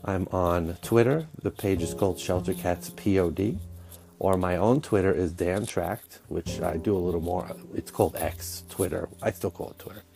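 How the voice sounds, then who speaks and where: A man's voice: low-pitched, normal speed, creaky, over music. A man hosting a podcast, talking in a chatty, enthusiastic, rambling way, his voice scratchy from a stomach bug. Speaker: podcast host. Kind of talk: casual podcast intro.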